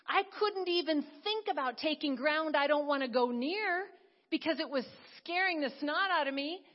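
Woman preacher, earnest testimony style, slightly high voice. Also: lively intonation, normal speed, lo-fi sound. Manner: earnest storytelling, swings from hushed to emphatic. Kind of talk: sermon testimony.

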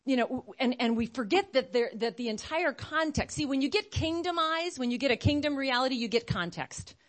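A woman preaching a sermon in an animated way, acting out other voices as she speaks. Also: high voice, a little fast.

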